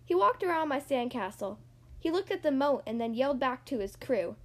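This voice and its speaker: Lively woman reading a storybook aloud. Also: high-pitched, brisk. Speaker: storybook reader. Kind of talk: storybook read-aloud narration.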